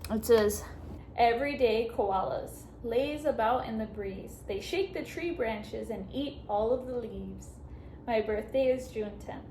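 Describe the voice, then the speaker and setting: A woman's voice: on the high side, unhurried, dark tone. A young woman chatting emotionally in a casual vlog, gushing as she reads a card aloud. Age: young adult. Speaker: vlogger. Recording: echoey room, faint background noise.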